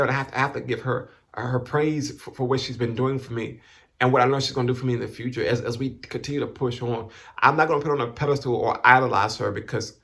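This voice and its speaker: A man speaking to camera in a halting, emotional way, repeating and restarting words as he holds back tears. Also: mid-range voice, vocal fry, fairly bright tone. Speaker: vlogger giving thanks. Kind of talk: emotional personal talk to camera.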